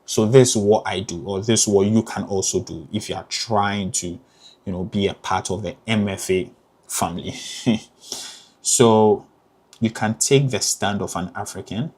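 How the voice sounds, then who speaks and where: A man's voice: on the low side, darkish tone, slightly rough. A young man from Ghana with a Ghanaian accent, a theatre graduate student giving casual advice in a chatty, emphatic way, full of "you know" fillers.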